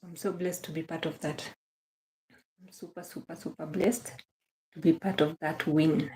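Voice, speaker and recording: Kenyan lady livestreaming, low mellow voice, greets everyone by name and keeps repeating herself, gushing thanks. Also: fairly even intonation, normal speed. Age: young adult. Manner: effusive, repeats phrases, greets viewers by name. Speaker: livestream host. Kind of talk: casual livestream chat.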